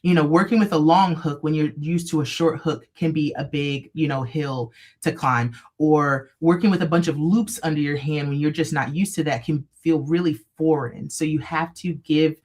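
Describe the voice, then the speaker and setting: A woman guest telling a story in a casual live interview, animated and full of "like". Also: deep voice, normal speed, hardly any pauses. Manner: animated, gushing, heavy "like" filler. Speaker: guest crochet designer.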